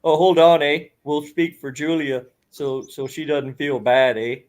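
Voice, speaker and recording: A man putting on an exaggerated Canadian accent as a folksy hoser, ending his sentences with a drawn-out "eh.". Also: fairly high pitch, fairly even intonation, close to an everyday voice. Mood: playful. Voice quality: drawn-out "eh" tags.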